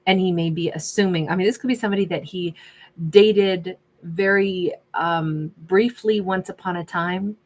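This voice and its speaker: A woman's voice: fairly low pitch, steady tone, moderate pace. A woman doing a casual tarot reading, chatty and sassy, laughing often and reading out viewer names. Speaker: tarot reader.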